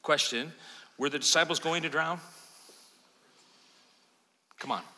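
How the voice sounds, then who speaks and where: A man preaching a sermon as pastor, swinging from loud urgent peaks to quiet, intimate asides. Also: on the high side, unhurried. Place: church sanctuary. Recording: long hall reverb of a church sanctuary.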